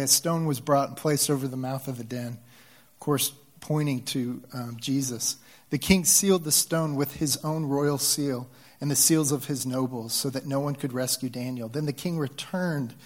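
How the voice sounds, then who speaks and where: A man preaching a sermon in a conversational way, with many restarts and with emotional swells in his voice. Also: medium pitch. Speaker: pastor.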